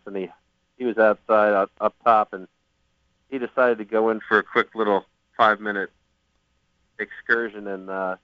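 A man's voice: fairly low pitch, clear, resonant tone, dry recording, narrow, tinny audio. A man on a golf broadcast, casually chatting and telling rambling stories with jokes. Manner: rambling storyteller, joking.

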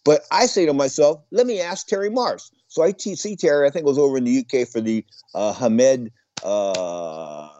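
A man's voice: medium pitch, expressive, moderate pace, dark tone, no echo. An older man, a former boxer, talking in a rambling, digressive monologue that keeps circling back on itself. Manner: rambling, digressive, repeats himself. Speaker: boxing commentator and former fighter. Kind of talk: casual monologue. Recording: dull lo-fi audio.

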